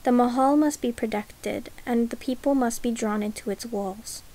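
A woman reading the part of a guarded noblewoman, the regent's wife, speaking in a measured, careful way. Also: a little high, mellow, lightly acted, poor audio. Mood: earnest.

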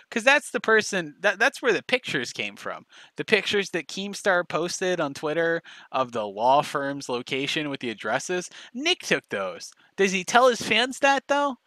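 A man's voice: fairly high pitch, bright, forceful tone, no echo. Guy doing sarcastic commentary, mocking and sweary, dry close mic. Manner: sarcastic, mocking storytelling with profanity. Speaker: commentary YouTuber. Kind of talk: casual commentary.

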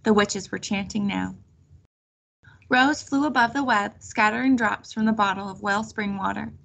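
A woman reading a children's chapter book aloud in a steady storytelling manner. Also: medium pitch, normal speed, vocal fry. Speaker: reader.

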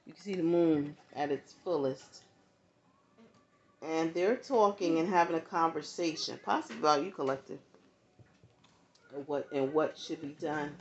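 Low-voiced woman giving a casual tarot reading. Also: normal speed, pauses often. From not from the American South. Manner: conversational, frequent asides and check-ins to viewers. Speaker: tarot reader. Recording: dull lo-fi audio, faint background noise.

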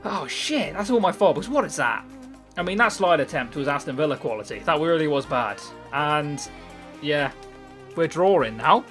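A young man giving excitable live gameplay commentary, swearing freely and swinging between low mutters and loud outbursts. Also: fast, faint music behind. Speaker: gaming YouTuber.

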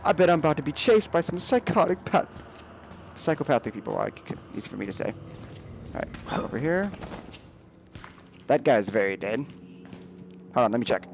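A man's voice: mid-range voice, animated, normal speed, creaky, pauses often, a little hiss or hum. A young man giving let's play commentary, jumpy and nervous, talking back to the game's characters. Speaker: gamer.

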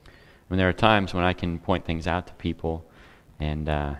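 A man's voice: low-pitched, steady tone, normal speed, a bit bright, smooth. A man preaching a sermon in a conversational way, with humor and asides to the congregation. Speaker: pastor.

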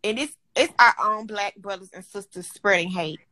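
A woman co-hosting a casual livestream chat, animated and teasing, often breaking into laughter. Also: medium pitch, normal speed, dry recording.

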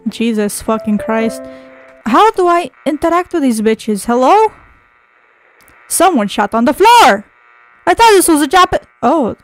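A woman's voice: fairly high pitch, rough recording. A woman playing a horror game on video, jumpy and swearing constantly, shrieking at scares. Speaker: gaming video creator. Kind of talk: horror game playthrough commentary.

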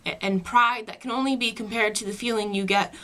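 Bright-voiced young woman telling a wry story. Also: fairly high pitch, fairly even intonation, a little fast. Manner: self-deprecating, wry and awkward. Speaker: vlogger. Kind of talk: casual storytelling monologue.

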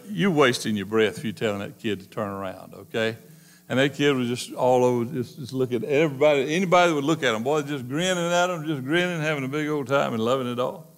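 A man preaching a sermon, telling folksy stories and swinging between loud and soft. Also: medium pitch, quick pace. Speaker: pastor.

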